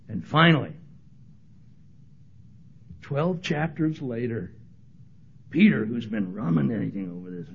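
A man preaching a sermon as pastor, animated and humorous, acting out the voices he quotes. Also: medium pitch, a little slow, vocal fry, pauses often, lo-fi sound, a little hiss or hum.

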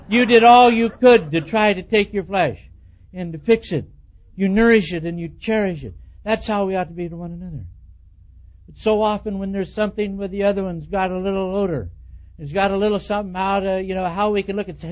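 A man with a high voice preaches a sermon in a folksy, chatty way. He acts out everyday voices to make his point. The recording sounds dull and lo-fi. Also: a little fast. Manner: folksy, acts out quoted voices with rising pitch. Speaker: pastor. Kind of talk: expository sermon.

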